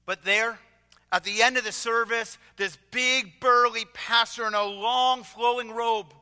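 A man preaching a sermon who tells stories with acted voices and dramatic pauses, with long reverb around him. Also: extremely high pitch, fairly even intonation, bright, forceful tone. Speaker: pastor.

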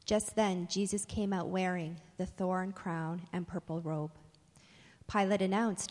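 A woman reading a scripture passage aloud in an even, unhurried way. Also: on the low side, in a large hall. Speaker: scripture reader.

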